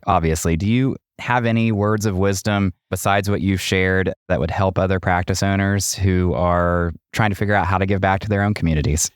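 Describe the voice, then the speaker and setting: A man's voice: low voice, clean tone, dry recording, clean studio sound. A man hosting a podcast interview who asks questions and praises his guest with enthusiasm. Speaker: podcast host.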